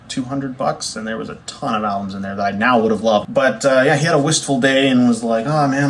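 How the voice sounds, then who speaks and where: A man's voice: lowish voice, a little hiss or hum. Easygoing young man rambling. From Canada. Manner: rambling, easygoing, self-correcting with fillers. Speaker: bassist showing his record collection. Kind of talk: casual chat to camera.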